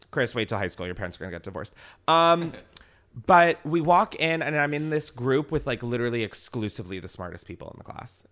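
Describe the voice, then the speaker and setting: A man's voice: mid-range voice, lively intonation, brisk, fairly bright tone. A young man hosting a podcast, telling a story with a lot of swearing and frequent laughs into a desk microphone in a studio. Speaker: podcast host. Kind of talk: casual podcast chat, storytelling.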